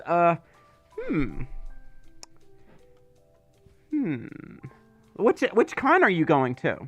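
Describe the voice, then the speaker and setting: Captured in a dry, lo-fi recording, a man with a slightly high voice hosts a casual livestream. His talk is chatty and meandering, full of filler words and asides as he reads out viewer messages.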